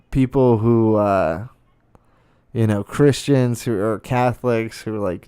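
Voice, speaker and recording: A young man ranting on his podcast, profane and incredulous as he vents. His voice is smooth and resonant, and the recording sounds dry and close. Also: fairly low pitch, a little mellow, dry recording. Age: young adult. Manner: profane, incredulous, swearing often. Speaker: podcast host. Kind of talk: ranting monologue.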